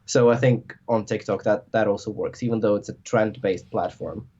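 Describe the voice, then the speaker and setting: A man's voice: on the low side, fairly even intonation, normal speed, dark tone, breathy edge. A man chatting casually as a podcast guest, rambling and filling his talk with "like". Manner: rambling, filler-heavy, lots of "like". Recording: dull lo-fi audio.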